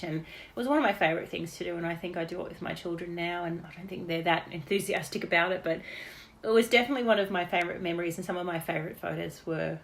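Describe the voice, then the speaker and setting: An Australian woman casually reminiscing in an unrehearsed birthday message, chatty and laughing between stories. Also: lowish voice. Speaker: daughter giving a birthday message.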